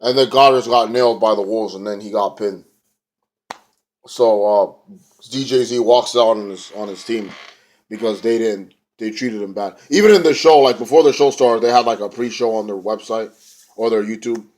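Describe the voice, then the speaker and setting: This is a young man, lowish-voiced and a little mellow, speaking at a moderate pace. He gives a rambling, slangy recap of a wrestling show, every so often doing the wrestlers' voices.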